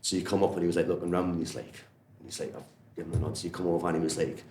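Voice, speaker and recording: In an echoey room with a bit of background noise, a man speaks in a low, mellow voice at a rapid-fire clip, his tone staying steady. He's a martial arts coach from Newcastle, England, and his Geordie storytelling is rambling and friendly, peppered with "like" and "you know." The setting is a relaxed interview.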